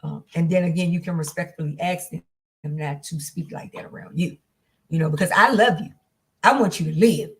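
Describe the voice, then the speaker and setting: A woman's voice: fairly low pitch, fairly quick. A woman teaching a class on domestic violence, speaking in an earnest, repetitive, conversational way with many fillers.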